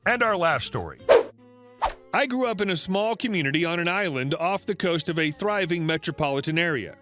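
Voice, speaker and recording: A man narrating a first-person story in an even, scripted storytelling manner. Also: a little high, brisk, music in the background.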